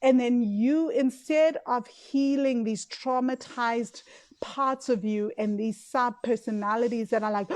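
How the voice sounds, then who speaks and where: A woman's voice: on the high side, unhurried, darkish tone. A woman hosting a solo podcast, talking in an emotive, chatty way with many tag questions. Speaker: podcast host and money coach. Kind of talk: casual solo podcast talk.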